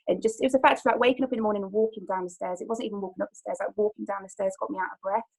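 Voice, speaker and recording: A woman in her thirties with a gravelly, creaky edge and a mid-range pitch. She tells her own story on a call in a rambling way, full of "like"s and restarts. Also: steady tone, very fast, a little mellow, poor audio. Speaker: personal trainer. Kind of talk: personal testimony on a group call.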